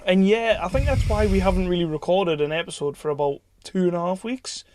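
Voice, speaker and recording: Excitable man, chatty podcast co-host. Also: sits high, fairly quick, background noise. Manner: excitable, jokey, rambling. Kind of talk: casual film chat.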